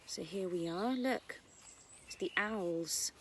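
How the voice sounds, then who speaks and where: A woman's voice: on the low side, takes it slowly, breathy edge. A British woman who teaches nursery, reading a picture book about birds to young children outdoors in a garden, using a sing-song storytime voice. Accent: British English.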